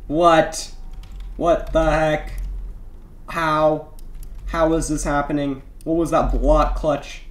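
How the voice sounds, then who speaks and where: A young man narrates his gameplay with playful, mock-stern trash talk. He speaks slowly, drawing out his words. The recording has a noticeable room echo, with keyboard typing audible behind him. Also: on the high side, level tone. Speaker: gaming YouTuber. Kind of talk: gameplay commentary.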